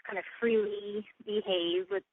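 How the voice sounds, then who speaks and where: A woman's voice: mid-range voice, steady tone, a little slow, no room sound. A woman co-hosting a podcast, chatting casually with many fillers. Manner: chatty, filler-heavy, laughing easily. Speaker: podcast co-host. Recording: tinny phone-like sound.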